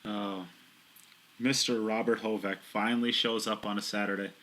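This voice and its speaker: Male pool commentator, fairly low, sharp bright tone, chatty and self-deprecating. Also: little pitch movement, normal speed, poor audio. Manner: chatty, self-mocking, explains shots in detail. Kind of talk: live sports commentary. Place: commentary booth.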